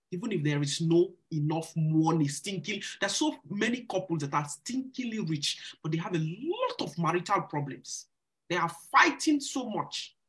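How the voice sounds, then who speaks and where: A woman's voice: on the low side, a bit bright. Earnest woman giving live relationship advice. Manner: earnest, preacherly, repeats phrases for emphasis. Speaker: church singles ministry host. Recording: live stream.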